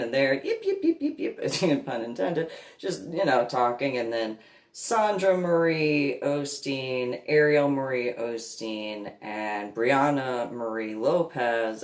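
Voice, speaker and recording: A woman's voice: extremely low pitch, reverberant. Rambling woman telling a personal story. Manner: laughs at her own story, acts out others' voices.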